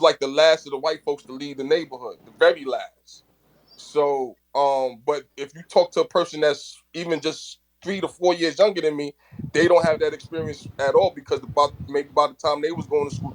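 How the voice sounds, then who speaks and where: Fired-up higher-voiced man from the Bronx. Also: steady tone, moderate pace, rough recording. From New York, the Bronx. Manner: passionate, repeats words and restarts often. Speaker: speaker in a live audio chat. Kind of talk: casual chat.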